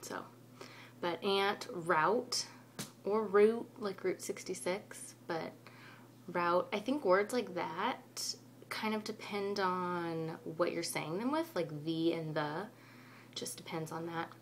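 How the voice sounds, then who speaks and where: Californian woman vlogger, rambling casual talk, somewhat low voice, faint hum behind. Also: takes it slowly. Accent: Northern Californian. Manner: chatty, rambling, with frequent ums. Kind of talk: casual chat.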